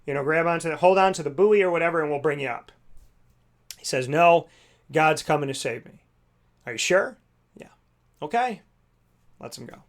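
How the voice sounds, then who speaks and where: Folksy higher-voiced male show host. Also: a bit bright. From United States. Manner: folksy, with many fillers, acts out voices in the story. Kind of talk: reflective talk with a told parable.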